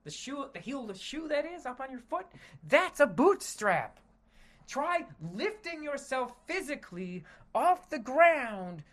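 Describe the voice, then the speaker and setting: An American man hosts a solo podcast in a very high, pushed, bright voice. He rants with plenty of swearing, often trailing off into self-corrections and restarting.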